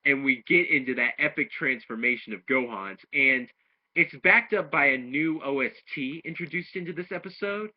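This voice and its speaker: Man, husky voice, casual episode recap, rambling, muffled lo-fi recording. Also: fairly high pitch. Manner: rambling retelling with restarts, acting out quoted lines. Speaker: anime episode reviewer. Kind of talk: casual plot recap and review. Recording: dull lo-fi home recording.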